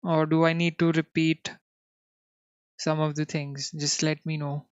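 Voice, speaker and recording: A coding instructor with an Indian English accent runs a live class in an unhurried, smooth voice that sits on the high side with little pitch movement, often saying "you know" and checking whether viewers can follow. The recording is dry and close, on a dull, lo-fi stream.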